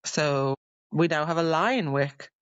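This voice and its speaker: A woman's voice: low-pitched, slow pace, clean tone, no room sound, lo-fi sound. A woman co-hosting a podcast, chatty and retelling scenes from a book in a casual, playful way. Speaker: podcast co-host.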